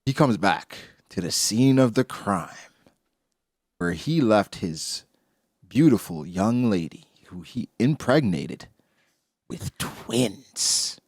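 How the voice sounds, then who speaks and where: A man with a husky voice takes his time as he co-hosts a laid-back podcast discussion of a comic chapter. The recording is dry and clean studio sound, and he animatedly performs characters' lines with big pitch jumps.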